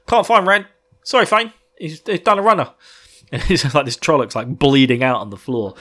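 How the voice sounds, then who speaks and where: A man's voice: medium pitch, a bit bright. A man hosting a casual book podcast, enthusiastic and rambling, laughing often. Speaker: podcast host.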